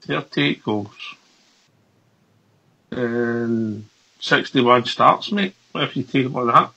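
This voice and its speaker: A man's voice: medium pitch, slow, gravelly, pushed and bright, breathy edge, muffled recording. A man on a fan radio panel, offhandedly reading out a player's statistics over an online call. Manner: reads out stats, offhand. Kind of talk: casual football chat. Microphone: online group call.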